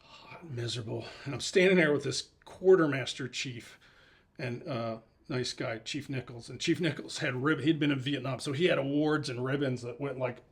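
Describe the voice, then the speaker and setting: A man's voice: mid-range voice, normal speed. A man, a guest on a show, telling a long story in a loose, rambling way. He acts out bits of dialogue as he goes. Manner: rambling, with many restarts and fillers. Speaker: guest, small business founder. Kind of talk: casual storytelling in conversation.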